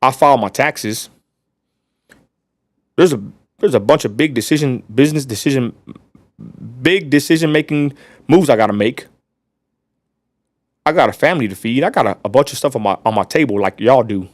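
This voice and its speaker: A blunt West Texas man rants on his livestream and keeps turning back to his viewers. His voice sits at a middle pitch. The sound is dry and close, with no room echo. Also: animated, normal speed, long pauses. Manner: blunt, ranting, addresses viewers as y'all. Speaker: livestream host. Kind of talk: casual livestream rant.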